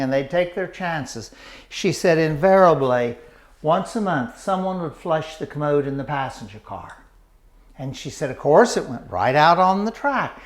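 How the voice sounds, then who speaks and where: Folksy older tour guide with a Southeastern Ohio accent, lively high voice, dry sound. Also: male voice, no room sound. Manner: folksy, animated storyteller. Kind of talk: anecdotal storytelling on a tour.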